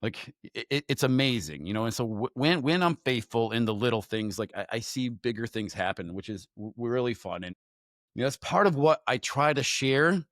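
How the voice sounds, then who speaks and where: A man guest on a faith podcast, telling a personal story in a candid, animated way, often repeating words and restarting. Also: mid-range voice, moderate pace, no room sound. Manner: animated storyteller who acts out his own thoughts.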